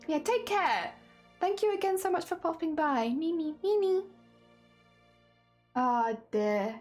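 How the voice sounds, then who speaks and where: A woman's voice: sits high, darkish tone. A young woman streamer with a slightly congested voice, chatting casually as she talks herself through rigging work and greets viewers. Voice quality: coughing, a little congested. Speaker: streamer rigging a vtuber model. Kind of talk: casual live-stream talk while working.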